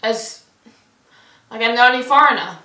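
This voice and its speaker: With a sharp tone at a normal speed, a young woman from New Zealand vlogs casually, her chat stuffed with "like" at nearly every turn. Her voice is on the high side, and the recording has no echo.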